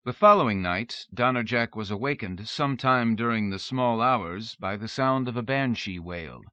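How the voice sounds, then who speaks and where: Man, audiobook narrator, measured reading, forceful bright voice, dry close recording. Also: mid-range voice, dry recording. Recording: dull dry lo-fi tape recording.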